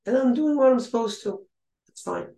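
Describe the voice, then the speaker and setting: A man's voice: very high voice, expressive, moderate pace, gravelly, mellow, voice pushed up, heavily acted. A man voicing an older, humble rabbi who speaks earnestly and reflectively about his life. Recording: echoey room.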